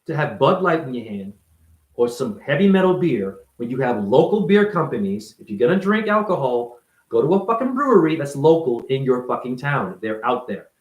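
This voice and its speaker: A man's voice: mid-range voice, sing-song, normal speed. A man delivering a profane, confrontational monologue as a self-styled spiritual teacher, firing rhetorical questions at the listener. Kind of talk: ranting monologue to camera. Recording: roomy echo.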